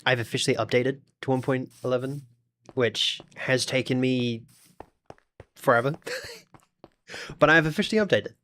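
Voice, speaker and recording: An Australian man with a medium-pitched, slightly bright voice chats casually on a live stream at a moderate pace, leaving long pauses. He thinks aloud and talks to his viewers while fiddling with and sorting out his game.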